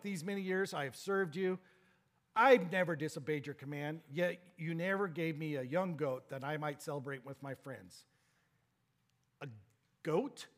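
Emphatic preaching man. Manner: rising to emphatic exhortation, dropping low for quiet points. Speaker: pastor. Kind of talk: sermon.

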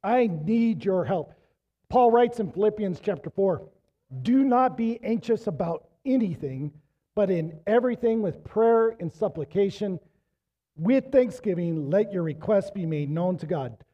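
A middle-aged man preaching a sermon with a slightly high voice that is wearing thin. He tells stories casually, then pushes into emphatic exhortation. The recording sounds muffled and lo-fi. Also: animated, measured pace. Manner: conversational storytelling, rising to emphatic exhortation. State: losing his voice. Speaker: pastor.

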